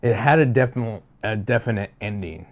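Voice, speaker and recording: A man's voice: on the low side, animated, brisk. A man co-hosting a casual talk show, upbeat and chatty with plenty of fillers. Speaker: podcast co-host. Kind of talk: casual chat.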